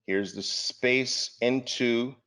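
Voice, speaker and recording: Presenting on the markets at a trading seminar, a man speaks emphatically and poses rhetorical questions to his audience. His mid-range voice is steady and fairly bright, and he draws out his words.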